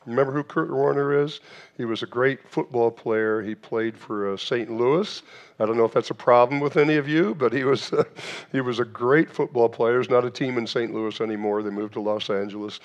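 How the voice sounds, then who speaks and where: A man's voice: medium pitch, a little fast, lo-fi sound. A man preaching a sermon in a church, asking rhetorical questions, with frequent restarts and fillers. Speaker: pastor.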